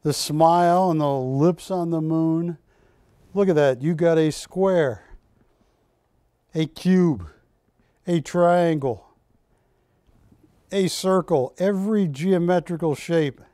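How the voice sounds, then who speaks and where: A male shopping channel host leads a live sales presentation, chatty and full of anecdotes. He speaks slowly in a mellow, somewhat high voice. The sound is dry and close. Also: smooth, no echo.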